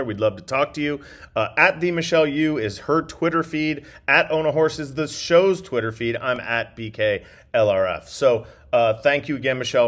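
Chatty man co-hosting a podcast. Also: mid-range voice. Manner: chatty, restarts and trailing phrases. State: slight cough. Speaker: podcast co-host. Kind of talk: casual chat.

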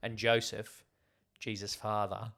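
A man's voice: on the low side, flat delivery, unhurried, creaky, fairly bright tone. A man co-hosting a podcast, chatting casually about a film and often trailing off with fillers. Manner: rambling, trails off with "like". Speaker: podcast co-host. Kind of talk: casual film discussion chat.

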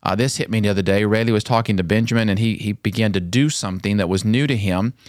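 A man hosting a podcast, chatting casually and acting out quoted lines with lively jumps in his voice. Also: fast, dry recording, clean studio sound. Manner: animated storyteller, acts out quotes with pitch jumps. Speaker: podcast host.

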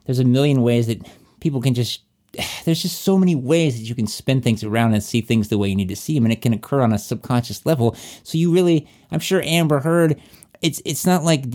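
A man's voice: mid-range voice, a little fast, a little mellow. A man talking casually and frankly as a podcast co-host, rambling with many restarts and blunt, profane asides. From Virginia. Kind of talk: casual chat.

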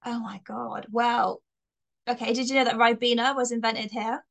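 A woman's voice: on the high side, fairly even intonation, moderate pace, vocal fry. A young woman from Bristol with a light Bristolian accent, a comedian chatting casually in an interview and laughing often. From Bristol, England. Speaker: comedian guest.

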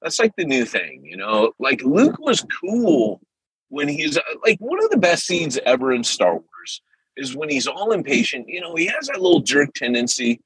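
Man, podcast host, lively swooping pitch, bright husky voice, dry close sound. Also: moderate pace, dry recording, poor audio. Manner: animated, jumps into impressions and loud exclamations. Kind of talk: casual chat.

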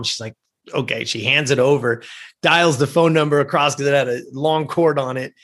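A man's voice: mid-range voice, fast. A middle-aged man telling a personal story as a guest, acting out the voices of the people in it. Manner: animated, acts out voices in his story. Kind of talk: storytelling in a conversation.

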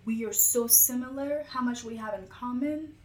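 A woman's voice: on the high side, moderate pace. A woman in casual conversation, telling a personal story with lots of filler words. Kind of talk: casual chat. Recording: echoey room with faint music.

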